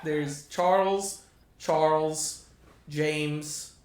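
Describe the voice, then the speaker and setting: A young man, a podcast guest, joking and animated in casual chat. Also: on the high side, drawn-out words, far from the mic, noisy background. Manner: animated, jokey. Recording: echoey room.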